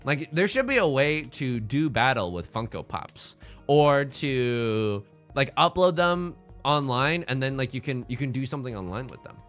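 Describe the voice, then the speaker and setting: A man's voice: mid-range voice, animated, normal speed, fairly bright tone, soft background music. A young man chatting casually on a livestream while he plays, joking and rambling through playful asides. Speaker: streamer.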